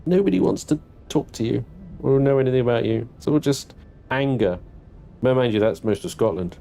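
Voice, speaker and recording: Soft music plays behind a young adult British man chatting casually with viewers on a game livestream. His voice is expressive, brisk, and warm with some vocal fry, and he laughs often, swears freely, and lets out mock-indignant squeals.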